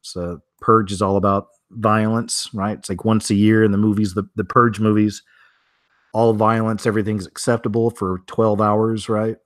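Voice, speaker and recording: A man's voice: fairly low pitch, little pitch movement, normal speed, no room sound, studio quality. A man hosting a weird-news show, reading headlines aloud and then riffing on them in a chatty, offhand way. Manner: chatty, reads headlines then riffs with asides. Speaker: news commentary host. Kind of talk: casual news commentary.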